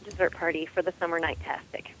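A caller on a call-in podcast, asking eager, rapid questions. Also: mid-range voice, level tone, a bit bright, poor audio. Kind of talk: phone call-in chat.

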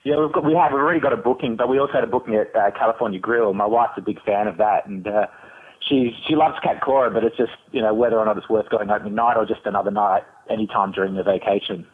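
A man with an Australian accent calling in, polite and a little hesitant, with many pauses and "uh"s. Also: lowish voice, slightly rough. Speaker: caller. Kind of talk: casual call-in chat. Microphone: phone. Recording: tinny phone line.

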